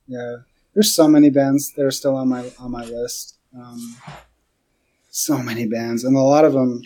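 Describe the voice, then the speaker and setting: A man appearing as a guest on a podcast, telling stories in a casual, animated way, laughing and acting out his own reactions. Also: medium pitch, poor audio. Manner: animated storyteller, laughs and does lively quoted reactions. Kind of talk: casual chat.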